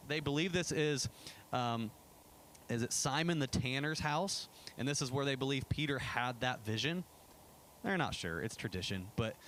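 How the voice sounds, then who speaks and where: A man's voice: on the high side, a bit bright, a little hiss or hum. A man giving a casual church presentation about a trip, chatty and enthusiastic, with many fillers and restarts. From United States. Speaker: pastor. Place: church sanctuary.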